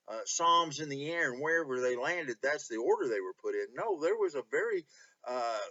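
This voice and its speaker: A pastor leading a Bible study, speaking earnestly with many pauses and reading scripture with feeling. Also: male voice, medium pitch, bright, forceful tone, dull audio. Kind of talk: online Bible study teaching.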